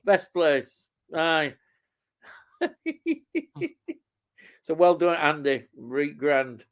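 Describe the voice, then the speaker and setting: A man's voice: a little high, drawn-out words, clean tone. A man from Leeds with a Yorkshire accent, hosting a live stream and reading out viewer comments in an easygoing way. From Leeds, England. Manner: easygoing, laughs often, says "aye" and "lad".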